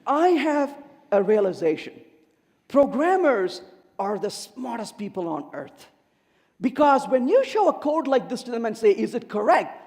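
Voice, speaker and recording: Guy doing a funny tech keynote, really high and bouncy, big hall echo. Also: measured pace. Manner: animated, theatrical, asks the audience questions. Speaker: conference speaker. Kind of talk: humorous technical keynote. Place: large conference hall. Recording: long hall reverb.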